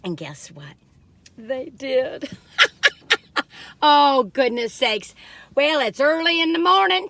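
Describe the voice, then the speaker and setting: A woman's voice: high voice, big pitch swings, slow pace, gravelly, pauses often, fairly bright tone, no room sound. A bubbly, giggly woman chatting through a casual food review from inside her car. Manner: bubbly, giggly, sings playful jingles.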